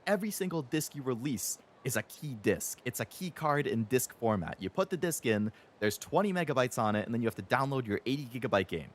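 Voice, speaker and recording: A man in his twenties streaming a game, ranting heatedly and with plenty of swearing about the gaming industry and mocking companies in sarcastic voices. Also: mid-range voice. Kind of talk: ranting live-stream chat.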